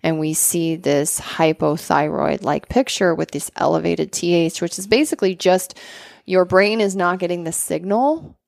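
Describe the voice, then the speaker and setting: A woman with a gravelly, slightly low voice talks through health topics in relaxed podcast chat. She keeps it quick and conversational, often tossing in "right?". The sound is close and dry. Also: no room sound. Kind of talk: explanatory casual chat.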